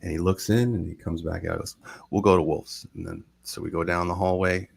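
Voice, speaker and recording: A man with a very low, gravelly voice recounts a personal story in a loose, rambling way. He keeps stopping to act out what other people said, and his sentences pile up with false starts as he goes. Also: a little fast. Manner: rambling, animated retelling with quoted voices. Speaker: guest storyteller. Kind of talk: casual storytelling on a live show.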